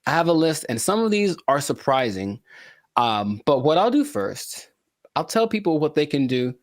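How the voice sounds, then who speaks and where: A man hosting a casual podcast, animated and jokey, with rambling asides. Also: fairly high pitch, moderate pace, no echo, studio quality. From California. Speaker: podcast host and musician.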